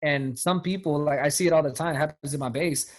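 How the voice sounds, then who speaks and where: Higher-voiced guy pumping up his sales team, slangy and emphatic. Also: quick pace. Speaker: sales team leader and coach. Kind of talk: motivational talk on a team call.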